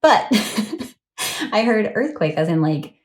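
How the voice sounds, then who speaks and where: Taking it slowly, a woman in her thirties speaks with a medium-pitched, sing-song voice. She's at home late at night giving a rambling, chatty tarot reading to her phone camera, frequently apologizing and laughing.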